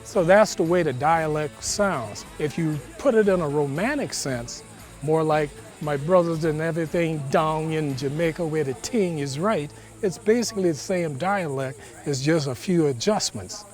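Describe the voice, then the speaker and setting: A man's voice: a little high, normal speed, faint music behind. A man confidently explaining his heritage outdoors at a family cookout. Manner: lecturing, confident.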